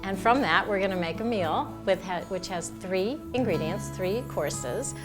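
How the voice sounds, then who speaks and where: A woman's voice: medium pitch, expressive, a little slow. Middle-aged woman, home cook, reminiscing, laughing often, music in the background. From Buffalo, New York. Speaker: cookbook author and home cook. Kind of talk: cooking demonstration and interview. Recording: with music behind.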